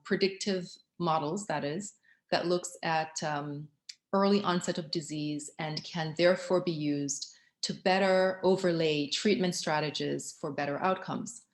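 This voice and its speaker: A woman with a fairly low voice gives a conference talk. She is measured and often pauses on ums or restarts a phrase. The sound is roomy and echoey. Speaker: conference speaker.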